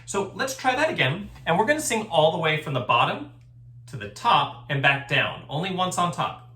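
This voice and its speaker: A man's voice: on the high side, very animated, normal speed, bright, forceful tone, reverberant. A man teaching a recorded choir lesson, explaining things patiently and step by step. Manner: patient, step-by-step instruction with sung examples.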